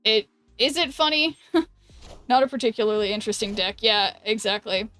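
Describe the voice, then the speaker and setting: A woman streaming a card game, thinking aloud in halting restarts and chatting with her viewers. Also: medium pitch, a bit bright, faint music behind. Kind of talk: casual live-stream commentary.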